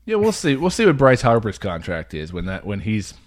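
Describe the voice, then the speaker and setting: A man in casual chat, telling a story with lots of laughter and quick shifts. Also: fairly low pitch, huge pitch swings.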